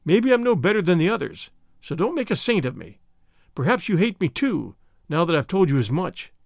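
A man's voice: high-pitched, big pitch swings, normal speed, vocal fry, no echo, clean studio sound, heavily acted. A man reading a story aloud, voicing a bold, defiant young man who protects the woman he loves. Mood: tender.

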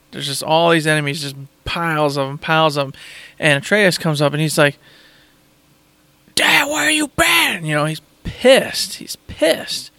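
A man's voice: a little high, sharp tone, smooth, no echo. A man in casual chat, raving about a game in an enthusiastic, rambling way and repeating himself.

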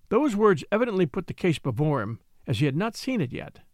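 A man narrating a classic novel in the first person, measured and earnest. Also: high-pitched, very animated, darkish tone, no room sound, studio quality. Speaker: audiobook narrator.

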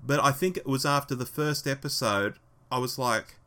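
A man co-hosting a fan podcast, chatting casually and animatedly, laughing and acting out quotes. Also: normal speed. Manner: animated, laughs often, acts out quotes in a higher voice. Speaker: podcast co-host.

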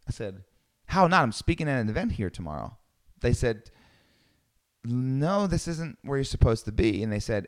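A man telling a personal travel story in a lively way, acting out the people he quotes. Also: medium pitch. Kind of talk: storytelling talk.

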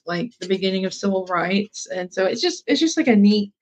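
A woman's voice: medium pitch, expressive, brisk. A young woman co-hosting a podcast in casual chat, talking loosely with plenty of fillers and laughs. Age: young adult. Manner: chatty, lots of fillers and laughs. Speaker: podcast co-host.

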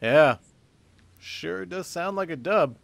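A man's voice: on the high side, lively intonation, gravelly, no room sound. A man hosting a casual podcast chat, blunt and opinionated in his takes. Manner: blunt, opinionated, quick to judge.

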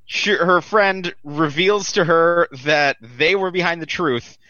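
A man co-hosting a casual movie podcast, animated and sarcastic as he retells scenes. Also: a little high, slow, no room sound, highs cut off. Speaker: podcast co-host. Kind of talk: casual movie review chat.

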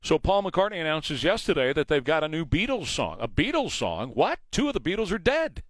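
Emphatic radio talk host, dry studio sound. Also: male voice, a little high, very animated, fairly quick, dry recording. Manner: emphatic, rhetorical questions. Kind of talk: morning news talk monologue.

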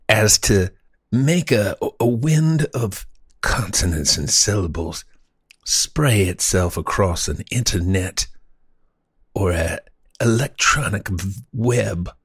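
A man putting on the voice of a pompous, old-fashioned gentleman with ornate, drawn-out formal phrasing. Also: lowish voice, sing-song, slightly rough, no room sound, clean studio sound, heavily acted. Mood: grandiloquent.

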